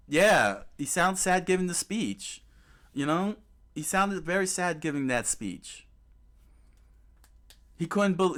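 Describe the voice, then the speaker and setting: A man's voice: on the high side, a bit bright. Emphatic, repetitive gaming channel guy. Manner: emphatic and repetitive, with many restarts and fillers. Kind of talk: casual commentary while browsing clips.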